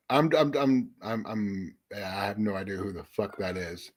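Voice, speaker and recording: A young livestream host with a somewhat low, slightly rough voice chats casually over a phone or headset mic. He rambles and curses, making fun of himself for not knowing what he should be doing.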